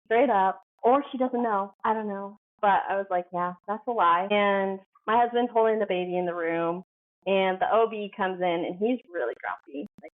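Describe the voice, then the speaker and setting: Chatty woman on a tinny phone line. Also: mid-range voice. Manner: chatty, heavy use of "like", acts out quoted dialogue. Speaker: podcast guest. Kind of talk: casual storytelling. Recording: phone-like narrow band.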